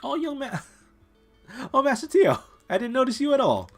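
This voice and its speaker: A man voicing a fussy, devoted male servant in a game, reading his lines in a high, fretful put-on voice. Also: wildly swooping pitch, normal speed, faint music behind, exaggerated voice. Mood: worried.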